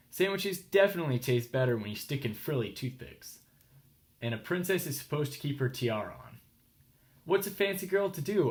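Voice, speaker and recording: A man with an American accent reads a children's picture book aloud in a mid-pitched voice. He goes slowly, stops to explain fancy words and asks his young listeners what comes next. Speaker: teacher reading aloud.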